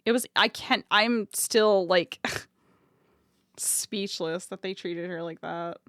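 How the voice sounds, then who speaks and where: A woman's voice: on the low side, takes it slowly, fairly bright tone, no room sound, clean studio sound. A woman streamer chatting casually with her viewers, swearing freely and laughing often.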